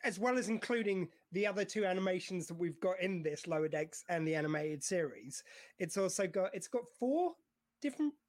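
A man's voice: sits high, lively intonation, a little fast. A man co-hosting a podcast in casual chat, jokey and rambling, often laughing as he talks. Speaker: podcast co-host.

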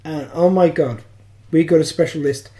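Mellow-voiced woman co-hosting a podcast. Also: low voice, steady tone, normal speed. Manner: chatty, self-mocking, laughs often. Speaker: podcast co-host. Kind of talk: casual chat.

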